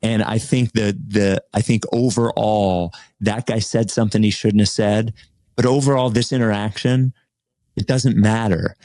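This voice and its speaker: A man's voice: fairly low pitch, steady tone, normal speed, darkish tone, dry recording, clean studio sound. A man co-hosting a casual talk show, telling a story with energy and acting out quoted arguments. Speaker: podcast co-host. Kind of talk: casual conversation.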